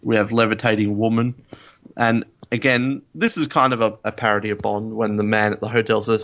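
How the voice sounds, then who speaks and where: A man co-hosting a podcast, chatting casually about a film, rambling and laughing, getting animated when amused. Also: on the low side, brisk. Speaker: podcast co-host. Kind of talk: casual film review chat.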